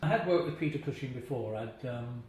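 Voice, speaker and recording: An older man reminisces about his acting days in an interview, telling chatty anecdotes, chuckling and sometimes doing voices. His medium-pitched voice is a little mellow and fairly quick. The room is very echoey, with faint hiss.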